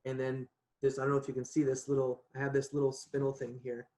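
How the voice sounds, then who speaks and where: A man's voice: medium pitch, quick pace. Chatty man telling a story, echoey room. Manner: chatty, animated, laughs often, says "right?" a lot. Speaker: podcast guest. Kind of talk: casual storytelling.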